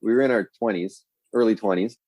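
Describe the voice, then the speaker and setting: A man's voice: lowish voice, a little fast, dry recording, low-quality recording. A man, a podcast guest telling rambling, profane stories in casual chat. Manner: profane, rambling, animated storyteller.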